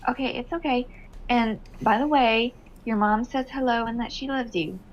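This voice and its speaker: A woman's voice: fairly high pitch, fairly even intonation, moderate pace, muffled recording, slight background noise. A woman playing in a tabletop game, easygoing, answering in short replies. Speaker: player. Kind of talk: casual tabletop play.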